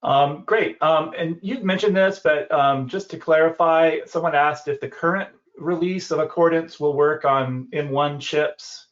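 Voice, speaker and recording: A man's voice: on the high side, measured pace, hardly any pauses. A man moderating a webinar, reading out audience questions hesitantly, with many ums. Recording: dull lo-fi webinar audio.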